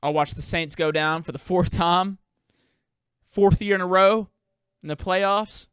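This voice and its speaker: A man's voice: sits high, steady tone, unhurried, a bit bright, clear, resonant tone, no room sound, clean studio sound. A young man hosting a podcast, talking in a profane, rambling, self-deprecating way. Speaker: podcast host. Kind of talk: casual comedic monologue.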